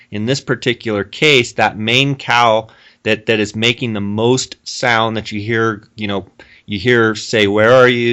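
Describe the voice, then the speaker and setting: A man hosting a podcast in a relaxed, conversational way, with a bright, forward tone. He recaps points for his listeners and then tosses questions to his guest. His pitch sits in the middle range for a man. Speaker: podcast host. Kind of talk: casual interview chat.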